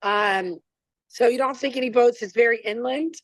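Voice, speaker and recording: A woman's voice: a little high, normal speed, dry recording, poor audio. Chatty rambling woman chef, dry sound. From Florida, US. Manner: chatty, rambling, self-deprecating. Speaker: chef and guest. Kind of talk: casual interview chat.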